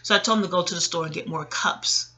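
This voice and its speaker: A woman's voice: on the low side, fast. A woman in her late forties telling family stories in a casual, rambling monologue, chatty and frank, arguing with herself and swearing. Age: late 40s. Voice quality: animated, talks back to herself. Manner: chatty,喜 laughing asides, profanity. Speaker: audio blogger.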